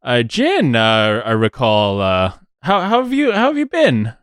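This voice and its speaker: A man's voice: medium pitch, huge pitch swings, unhurried, fairly bright tone, clear, resonant tone, no room sound, studio quality. A man voicing a pushy, scheming male gnome gang boss who talks in a wheedling, salesman-like way.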